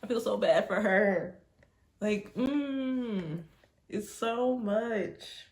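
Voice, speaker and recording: A woman's voice: mid-range voice, extremely slow. Emotional young woman reacting. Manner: expressive, emotional, exclaiming. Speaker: reaction video host. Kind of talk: casual reaction commentary.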